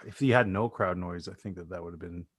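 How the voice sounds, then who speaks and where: A man co-hosting a casual sports podcast, eager and animated as he runs through his notes. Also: deep voice, quick pace, slightly rough. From Pacific Northwest of the US. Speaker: co-host.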